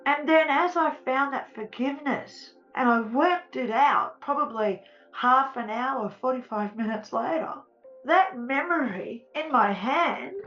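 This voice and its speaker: A woman's voice: on the high side, a bit bright, lo-fi sound. A woman earnestly telling her own near-death experience, tearful at times and dwelling on her feelings. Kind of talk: emotional first-person testimony.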